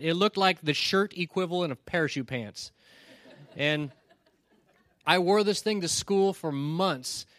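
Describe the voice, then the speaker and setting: A man's voice: a little high, dry recording, clean studio sound. A male pastor giving a sermon in a conversational, storytelling way, often checking in with "right?" and earnestly challenging his listeners.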